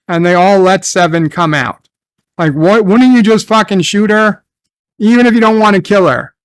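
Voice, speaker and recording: A man's voice: sits high, fairly bright tone, dry recording. A man recapping and reviewing a TV episode in casual, sarcastic commentary, swearing and trailing off into restarts.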